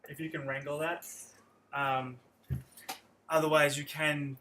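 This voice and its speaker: A man's voice: a little high, flat delivery, a little slow, bright, forceful tone, a little hiss or hum, rough recording. A man teaching a guitar lesson on a livestream, explaining chords step by step and counting out picking patterns. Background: his own acoustic guitar playing.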